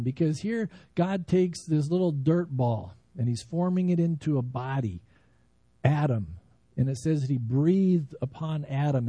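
High-voiced man preaching conversationally. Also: dark tone, no room sound. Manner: conversational, emphatic preaching with scripture reading. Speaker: pastor. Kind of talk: sermon.

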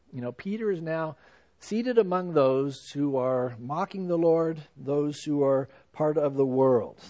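Man, pastor, sermon, conversational preaching, "you know" asides, somewhat high voice. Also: warm tone.

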